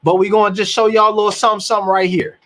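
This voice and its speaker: Male live-stream reaction host, high voice, emphatic, restarts often. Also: rapid-fire. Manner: animated, emphatic, repeats words while thinking.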